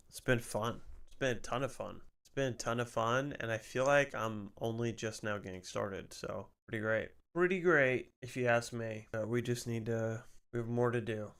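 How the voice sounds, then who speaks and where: Casual young male streamer, excitable and swearing. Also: medium pitch, moderate pace, few pauses, smooth. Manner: loose, swearing, excitable while gaming. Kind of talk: casual live-stream chat.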